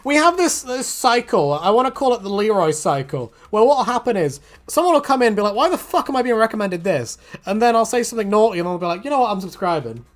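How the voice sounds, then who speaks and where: A woman's voice: medium pitch, big pitch swings, quick pace, few pauses. An English woman ranting and joking crudely on a casual livestream, swearing freely. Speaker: streamer.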